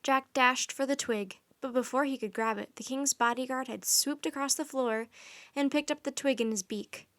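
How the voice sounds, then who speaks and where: A woman reading a children's story aloud in soft, even narration. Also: high-pitched, normal speed.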